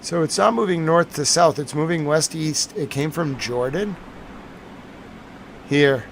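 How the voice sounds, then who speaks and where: A man's voice: fairly high pitch, unhurried, creaky, a little hiss or hum, rough recording. A tired man hosting a live stream, chatting casually and rambling to his viewers.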